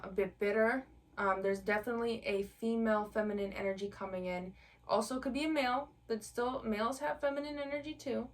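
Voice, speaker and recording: A woman leads a collective tarot reading, speaking straight to her viewers in a loose, conversational flow full of fillers. Her voice sits at a middle pitch for a woman. The mic is set a bit back from her, so she sounds slightly distant. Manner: chatty, conversational, many fillers. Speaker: tarot reader.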